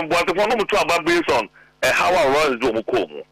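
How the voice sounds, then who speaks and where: A man's voice: a little high, big pitch swings, quick pace, fairly bright tone, dry recording, rough recording. A middle-aged man with a Ghanaian accent, talking emphatically on a political talk show and mixing Twi with English. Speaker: guest politician.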